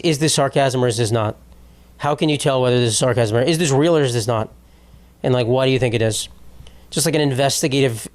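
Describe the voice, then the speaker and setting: A man's voice: on the high side, a little mellow. Rambling sarcastic male podcast host. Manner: rambling, sarcastic, swears freely. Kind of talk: solo comedy podcast monologue.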